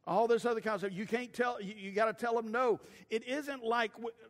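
High-voiced preacher in a hall. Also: male voice, steady tone, a little fast. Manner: folksy, storytelling, stumbling restarts. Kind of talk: sermon with personal stories. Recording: long reverb of a large hall.

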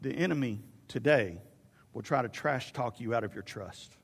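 A man preaching a sermon, animated and storytelling, with stammered restarts. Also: mid-range voice, normal speed, vocal fry, husky, long reverb tail.

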